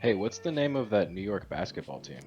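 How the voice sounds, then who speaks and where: Deep-voiced man teasing in podcast chat. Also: big pitch swings, darkish tone, dull audio, faint music behind. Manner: offhand, teasing, quick to egg others on. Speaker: podcast co-host. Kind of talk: casual chat.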